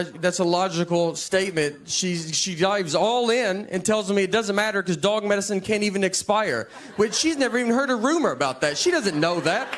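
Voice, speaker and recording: A man performing a stand-up comedy set, telling stories in a laid-back deadpan way before a live audience. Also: sits high, a little hiss or hum.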